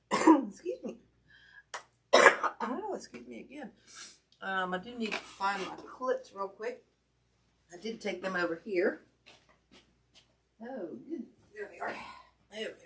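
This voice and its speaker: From her craft room at home, a woman hosts a casual craft livestream, greeting viewers by name. Her medium-pitched voice is animated but slow, with frequent pauses, and she sounds chatty, apologetic and a little out of breath. A distant camera mic picks her up along with audible background noise.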